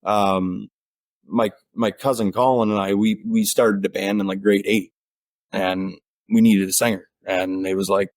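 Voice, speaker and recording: Man, Ottawa Valley twang, relaxed rambling guest, low voice, dry close sound. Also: unhurried, dry recording. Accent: Ottawa Valley country twang. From Ontario, Canada. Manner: relaxed, rambling with fillers and restarts. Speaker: guest musician. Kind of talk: casual interview chat.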